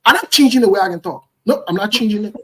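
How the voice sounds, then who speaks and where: A man's voice: sits high, lively intonation, quick pace, a bit bright, slightly rough. A man giving heated, blunt political commentary, repeating his points emphatically.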